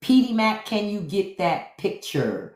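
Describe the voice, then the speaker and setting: A woman's voice: mid-range voice, very animated, a little slow, a little mellow, echoey room, slight background noise. A woman host giving blunt, profane commentary to livestream viewers, repeating her points. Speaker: podcast host.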